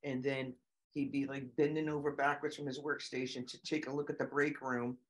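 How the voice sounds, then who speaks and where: A middle-aged woman, a guest on an interview show, telling lively stories with many fillers and giving emphatic advice. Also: very deep voice, brisk. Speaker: guest, nonprofit founder and autism parent. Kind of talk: conversational storytelling interview.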